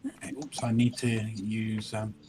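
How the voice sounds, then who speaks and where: A man's voice: on the low side, completely flat delivery, a little slow, background noise. A man playing a tabletop game, hesitant and thinking aloud with ums. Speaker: player.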